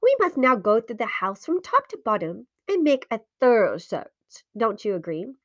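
A woman voicing a stern young nephew in a ghost story, speaking in a lowered, measured, severe tone. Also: big pitch swings, darkish tone, no room sound, clean studio sound. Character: stern young man, nephew, forced calm.

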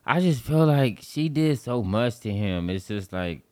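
A male host tells stories in a relaxed, casual chat with a mid-range voice. He laughs often between lines and uses blunt, profane slang. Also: mid-range voice, unhurried. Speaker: podcast host.

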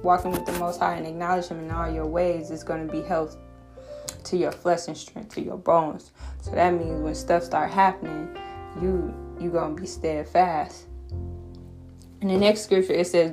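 A woman's voice: lowish voice, little pitch movement, moderate pace, a little mellow, faint music behind. A woman giving a casual devotional talk, earnest and rambling, restarting her sentences as she shares a personal testimony. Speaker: faith vlogger sharing a personal testimony.

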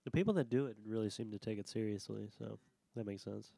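A man's voice: fairly low pitch, fast, vocal fry, dark tone. A man co-hosting a casual podcast, often restarting his sentences. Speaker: podcast co-host. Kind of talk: casual chat.

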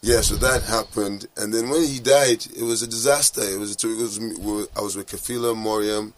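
A man's voice: on the low side, fairly even intonation, normal speed. A man in his thirties from Nigeria, with a partly American-sounding Nigerian accent, earnestly recalling family loss as an interview guest. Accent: American-influenced Nigerian English. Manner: reflective, emotional, earnest. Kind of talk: personal interview recollection.

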